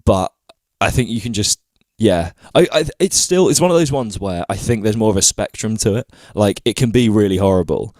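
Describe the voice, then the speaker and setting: A man's voice: fairly low pitch, lively intonation, brisk, a little mellow, no echo, studio quality. Hesitant British man hosting a podcast. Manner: hesitant, full of ums and restarts. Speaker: podcast host. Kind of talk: casual podcast interview.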